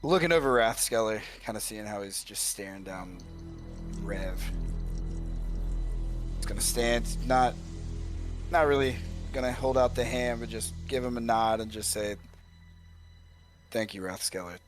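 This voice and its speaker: A man playing a character in a tabletop game, speaking quietly and in a measured way. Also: mid-range voice, music in the background. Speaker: player.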